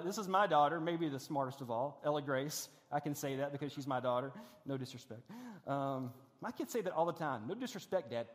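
Running a demonstration on stage, a middle-aged pastor delivers a sermon in a large church, chatty and self-deprecating, often restarting his sentences. His pitch is medium. The recording carries long hall reverb.

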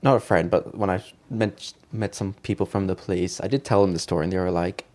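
A man, co-hosting a podcast, tells a story with animated delivery, acting out voices and laughing often. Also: low voice, a little fast. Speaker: podcast co-host. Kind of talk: casual chat, storytelling.

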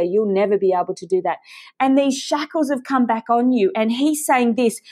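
Woman preacher, fervent and emphatic, slightly high voice, sermon delivery. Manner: passionate, emphatic, direct address to listeners.

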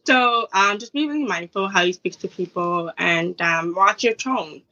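A woman's voice: mid-range voice, normal speed. A woman being interviewed as a guest author, earnestly giving advice in a conversational way. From Jamaican Caribbean family background. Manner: earnest, advising, animated retelling with laughs. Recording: dull lo-fi audio.

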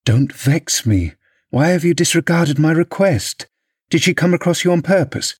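A man reading an audiobook, voicing a proud, passionate young lady of the manor who speaks in an imperious, sharp way. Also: medium pitch, lively intonation, moderate pace, slightly rough, no room sound, clean studio sound.

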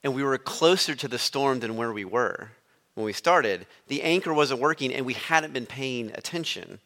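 A man's voice: mid-range voice, animated, normal speed, sharp tone. A man preaching a sermon as a guest, telling a story in a conversational way.

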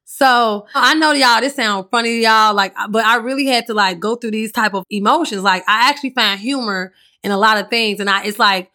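Raspy, bright-voiced woman podcaster. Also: a little high, a little fast. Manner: candid, profane, chatty storytelling. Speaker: podcast host. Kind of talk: casual solo podcast monologue.

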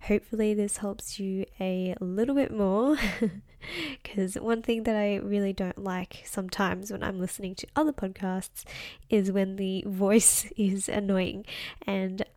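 A young woman chats through a solo podcast with a mellow, softened tone. She talks in a chatty, self-deprecating way and keeps her voice deliberately low. The sound is dry and close, with no room echo. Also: steady tone. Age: young adult. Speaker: podcast host and wellness coach. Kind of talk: casual solo podcast monologue.

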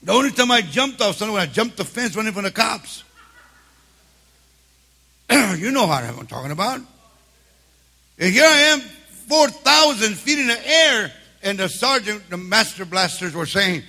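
A man in his seventies preaching a sermon, telling his own stories in a streetwise way and building up to shouted exhortation. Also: sits high, animated, moderate pace, vocal fry. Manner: streetwise, repeats words at restarts.

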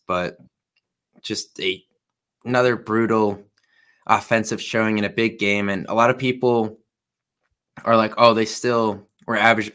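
A man's voice: fairly low pitch, a bit bright. A man co-hosting a sports podcast, talking in a laid-back way and hedging often. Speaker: podcast co-host. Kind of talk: casual sports talk.

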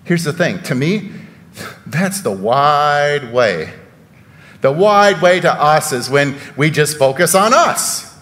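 A man's voice: fairly high pitch, animated, slow pace, a bit bright, big-room sound. A man preaching a sermon in a church, conversational and full of rhetorical questions and sarcastic asides. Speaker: pastor.

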